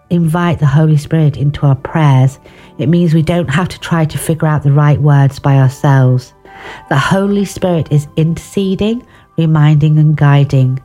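Low mellow woman doing a chatty devotional, faint music under her. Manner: earnest, with restarts and asides. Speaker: devotional speaker. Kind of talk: informal devotional talk on prayer.

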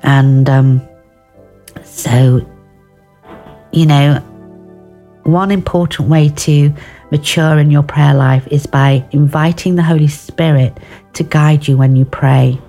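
A woman's voice: deep voice, steady tone, slow, long pauses, mellow, soft background music. A woman giving an informal devotional talk on prayer, earnest and personal, with restarts and asides. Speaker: devotional speaker.

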